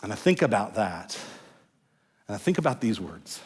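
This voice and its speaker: A man's voice: on the low side, sing-song, moderate pace, long pauses, slightly rough. Man preaching in an echoey hall. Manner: shifts from warm emphasis to hushed, soft phrases. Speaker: pastor. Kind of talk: sermon. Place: large church sanctuary.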